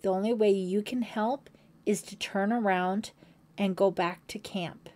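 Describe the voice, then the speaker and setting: Woman doing a moody teen guy counselor, gruff and defensive, mellow low-key tone. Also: steady tone, measured pace, close to an everyday voice. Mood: threatening. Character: secretive teenage boy counselor, defensive and brooding.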